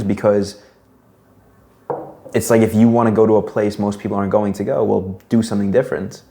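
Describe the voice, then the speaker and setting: A man's voice: fairly low pitch, warm tone. A young man hosting a casual podcast, reflective and musing as he talks. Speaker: podcast host.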